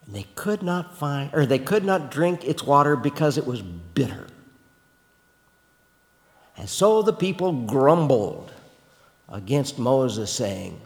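In a large hall, a man with a fairly high voice preaches at an unhurried pace. Animated and direct, he puts questions to his listeners and keeps restarting his sentences.

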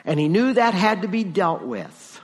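A pastor delivers a sermon in a conversational way, now and then lifting into emphatic, driving stretches. His voice sits somewhat high for a man. The sound carries a long reverb tail from the church space. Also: very animated, moderate pace, breathy edge. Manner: conversational preaching with rising emphasis.

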